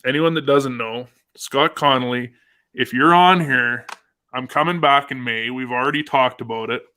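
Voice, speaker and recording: A man's voice: medium pitch, normal speed, pushed and bright. A man hosting a casual live fishing show, upbeat and chatty, reading out viewer comments. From Canada. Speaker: host.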